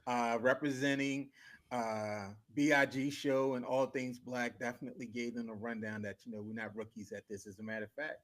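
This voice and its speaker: A middle-aged man, co-hosting a casual sports podcast and telling stories in a lively, slangy way with frequent laughs. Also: medium pitch, normal speed. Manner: animated storyteller, laughs a lot, slangy. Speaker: podcast co-host. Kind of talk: casual chat.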